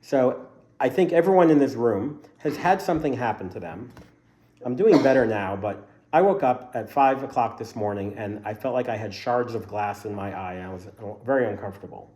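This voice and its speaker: A man's voice: medium pitch, lively intonation, normal speed, dark tone. A man teaching a casual Bible study class to a group in a room, explaining the text by asking a string of questions.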